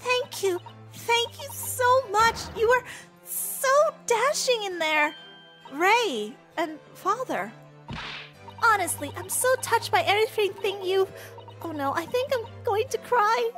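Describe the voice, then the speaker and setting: A woman's voice: extremely high pitch, lively intonation, takes it slowly, faint music behind, voice pushed up, full character voice. A woman voicing a polite, humble young female assistant in a game. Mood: earnest. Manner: formal, gentle.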